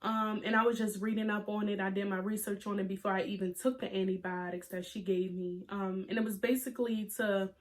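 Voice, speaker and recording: Young female vlogger in her twenties, mid-pitched, confessional and tearful, full of fillers. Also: little pitch movement. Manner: emotional, holding back tears; halting, many fillers and restarts. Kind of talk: personal story to camera.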